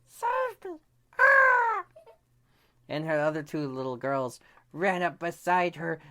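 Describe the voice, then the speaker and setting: A man telling his children a bedtime story, dropping to a hush and jumping up into shrieks. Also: fairly high pitch. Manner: slow, hushed, then shrieking kid voices. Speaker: storyteller dad.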